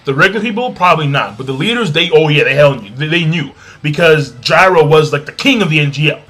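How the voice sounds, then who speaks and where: Excitable man recapping with swearing. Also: a little high, quick pace. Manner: excitable, swears freely, acts out quotes from scenes. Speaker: anime reviewer. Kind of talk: casual animated recap.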